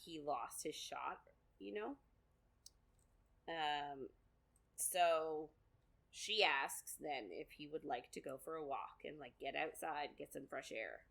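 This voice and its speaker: A woman's voice: sits low, slow, vocal fry, pauses often, a bit bright. A woman co-hosting a podcast, chatting casually through a book recap with lots of fillers and quoted asides. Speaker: podcast co-host.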